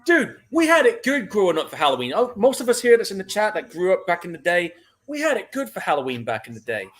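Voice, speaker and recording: A man's voice: high-pitched, huge pitch swings, fast talker, fairly bright tone. A man hosting a casual movie commentary podcast, laid-back and easily laughing, reading out chat comments. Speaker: podcast host.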